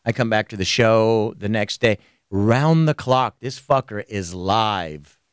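A man's voice: lowish voice, slow, clear, resonant tone, dry recording, studio quality. A man hosting a podcast, telling a story animatedly with lots of swearing in casual chat. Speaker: podcast host.

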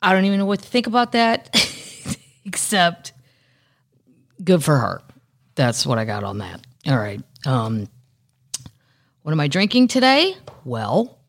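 A middle-aged woman hosting her own podcast, chatting casually with wry, rambling asides. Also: sits low. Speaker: podcast host. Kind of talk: casual solo chat.

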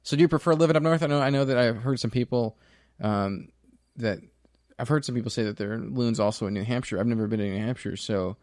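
A man's voice: mid-range voice, quick pace, hardly any pauses, a little mellow, no echo, clean studio sound. A man interviewing a bird character in an improvised comedy bit, asking earnest questions with hesitant restarts.

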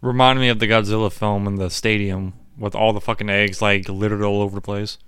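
A man casually recapping a bad movie with lots of swearing, acting out characters' lines in silly high voices. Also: flat delivery, a little fast, a bit bright, clear, resonant tone, no room sound, studio quality. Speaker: co-host reviewing a film.

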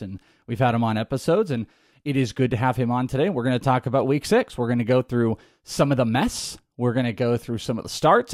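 A man's voice: mid-range voice, darkish tone, no room sound, clean studio sound. A man hosting a sports podcast, upbeat and joking in casual chat. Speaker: podcast host.

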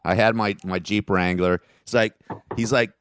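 A man's voice: on the low side, steady tone, normal speed, fairly bright tone, clear, resonant tone, no room sound. Dry-sounding grieving middle-aged man. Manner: rambling storyteller with frequent restarts and laughs. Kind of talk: casual conversation.

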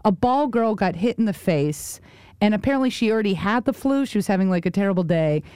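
Woman co-host, chatty and animated storyteller, dry close sound. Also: medium pitch, clean tone, no echo. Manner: animated storyteller, quick asides, repeats words. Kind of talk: casual chat.

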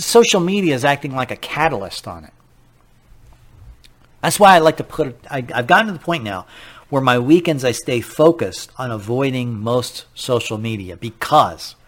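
On his political talk radio show, a man with a medium-pitched voice speaks with animated disbelief, rattling off rhetorical questions. He occasionally laughs at his own slip-ups.

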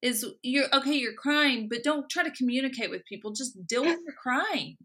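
A woman's voice: high-pitched, animated, normal speed, sharp tone. A woman co-hosting a casual podcast, chatting wryly while recapping a show. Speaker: podcast co-host. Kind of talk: casual chat recapping reality TV.

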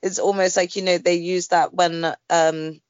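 A woman's voice: on the low side, normal speed, clear, resonant tone, no echo, highs cut off. A woman co-hosting a podcast, chatting casually and filling her talk with "like" and "you know". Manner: chatty, hedging with "like" and "you know", swears when excited. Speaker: podcast co-host. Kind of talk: casual wrestling chat.

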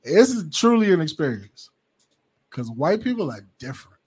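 Brief: blunt casual co-host, lively pitch, swears a lot. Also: normal speed, husky. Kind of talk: casual podcast chat.

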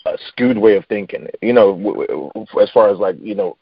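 A man's voice: on the low side, moderate pace, breathy edge, no room sound, dull audio. Rambling man in casual podcast banter. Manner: rambling, lots of fillers and restarts, laughs easily. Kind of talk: casual chat.

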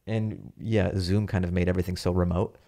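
Low gravelly-voiced man telling stories. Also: little pitch movement, a little fast, mellow. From Seattle, USA. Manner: loose, rambling storytelling. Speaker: stand-up comedian and TV writer, podcast guest. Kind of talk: casual chat.

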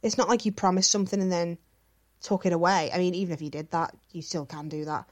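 A woman's voice: on the low side, steady tone, fast. A woman co-hosting a casual chat podcast, reading out listener questions and answering them frankly with plenty of swearing and filler words.

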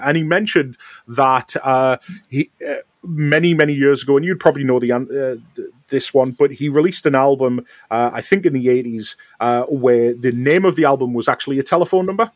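A man's voice: mid-range voice, fairly quick, dry recording. Rambling storyteller man, dry sound. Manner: rambling anecdotal storytelling with many fillers. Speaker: podcast host. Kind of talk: casual chat.

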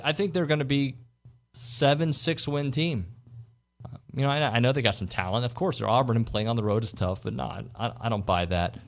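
A man hosting a sports talk radio show, giving strong opinions in a rambling way, with fillers and restarts. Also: fairly low pitch.

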